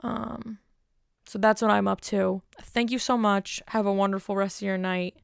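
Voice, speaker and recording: A woman's voice: mid-range voice, fairly even intonation, normal speed, creaky, smooth, dry recording, clean studio sound. A young woman hosting her own podcast, rambling chattily and poking fun at herself. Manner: rambling, self-deprecating, chatty. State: cold, stuttering a little. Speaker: podcast host. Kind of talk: casual solo podcast chat.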